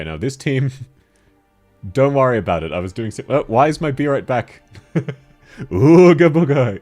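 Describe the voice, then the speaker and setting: Deep-voiced man, game streamer, lively jokey chat, frequent laughs, faint music behind. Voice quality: deep timbre. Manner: chatty, laughs often, jokey. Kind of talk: casual gaming stream chat.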